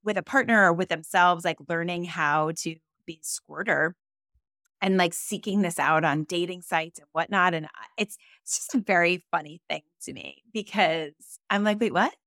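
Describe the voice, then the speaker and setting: A woman's voice: lowish voice, moderate pace, a bit bright, no room sound. A woman co-hosting a podcast, chatting candidly and animatedly with lots of fillers, close to the mic. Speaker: podcast co-host. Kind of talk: casual chat.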